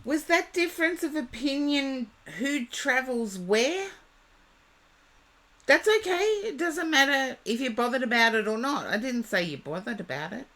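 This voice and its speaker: A woman reading tarot live for viewers, chatty and reassuring, talking to them by name, her voice going a little hoarse. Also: high-pitched, animated, normal speed, hardly any pauses, a bit bright. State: losing her voice. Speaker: tarot reader.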